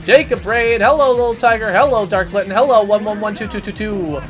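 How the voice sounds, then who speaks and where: Man, game streamer, casual rambling chat, loud ranting, high voice. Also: a little fast, faint music behind.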